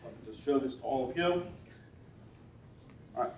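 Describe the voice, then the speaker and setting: A man's voice: medium pitch, moderate pace, a little mellow. A man performing a live stage act with audience volunteers at a gala, teasing them with wry asides and chanting repeated commands. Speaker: stage performer reading body language. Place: event hall at a gala. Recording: roomy hall, voice picked up from a distance.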